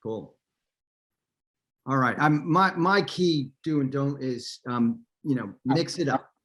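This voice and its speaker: A man's voice: medium pitch, takes it slowly, a bit bright. A man hosting a virtual wine tasting over a video call, upbeat and chatty with plenty of fillers. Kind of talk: casual hosting.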